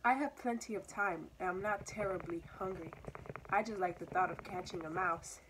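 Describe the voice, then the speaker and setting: A woman's voice: fairly low pitch, normal speed, noisy background, close to an everyday voice. Woman reading as a sly, teasing cat. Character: sly tomcat toying with prey.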